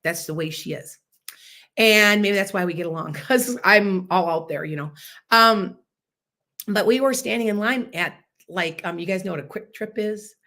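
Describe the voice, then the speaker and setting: Woman host in her fifties, loud, boisterous, casual live chat storyteller. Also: medium pitch, normal speed. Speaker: podcast host.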